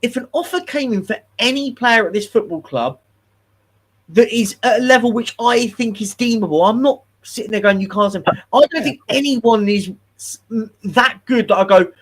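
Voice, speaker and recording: Husky guy in a football chat. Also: high-pitched, normal speed. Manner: animated, repeats words when getting started. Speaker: co-host.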